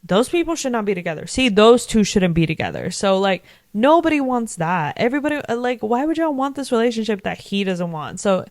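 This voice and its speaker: A woman's voice: mid-range voice, sing-song, fairly quick, few pauses, a little mellow, no echo. A young woman in her twenties casually recapping a TV episode, chatty and full of fillers, swearing freely. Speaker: vlogger.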